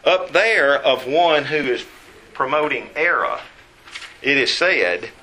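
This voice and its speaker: Man, preacher, bright voice, emphatic sermon delivery, slight background hiss. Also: medium pitch, lively intonation. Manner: emphatic, slows to stress words. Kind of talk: Bible lesson sermon.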